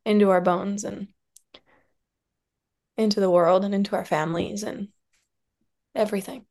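A woman in her thirties talks gently and openly as an interview guest, her medium-pitched voice carrying a light fry. She speaks from the heart, trailing off into pauses and soft fillers. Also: fairly even intonation. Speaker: podcast guest, somatic practitioner and dance teacher. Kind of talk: reflective conversational interview.

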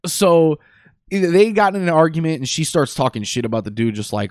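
A man's voice: fairly high pitch, animated, a little fast, no room sound, studio quality. A man in casual chat, retelling a movie plot in a loose, rambling way with frequent swearing. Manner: profane, rambling storytelling.

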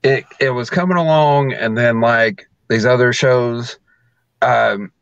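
Man, wrestler guest, casual storytelling, animated, laughing a lot, dry slightly dull sound. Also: medium pitch, slow, creaky, smooth, no echo. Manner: animated, laughs often, acts out quotes.

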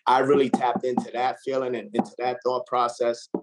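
A man's voice: mid-range voice, completely flat delivery, a little fast, background noise. A man, a recording artist, talking casually and earnestly in an interview, reflecting on how he writes, with lots of "like" and "man" fillers.

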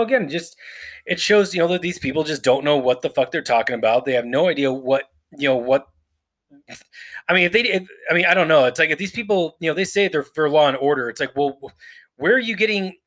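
A man's voice: a little high, fairly bright tone. Indignant rambling man, heavy fillers. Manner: rambling, profane, full of "you know" fillers and restarts. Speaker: podcast host. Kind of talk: unscripted live commentary.

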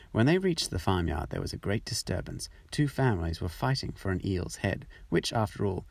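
Gravelly, husky male storyteller. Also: deep voice, moderate pace, hardly any pauses, no echo. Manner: expressive, steady storytelling. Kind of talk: fairytale reading.

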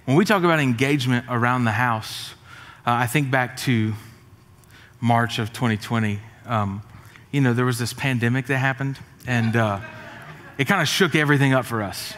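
A middle-aged man, preaching a sermon with jokes and energetic, rising emphasis. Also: mid-range voice, moderate pace, a little hiss or hum. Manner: energetic, joking, rising to shouts. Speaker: pastor. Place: church auditorium. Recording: reverberant church hall.

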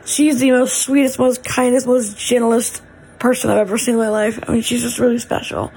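A woman's voice: fairly high pitch, moderate pace, vocal fry, darkish tone, low-quality recording. A middle-aged woman, chatting in a gushing way as a mother vlogging from her family home. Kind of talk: casual home vlog.

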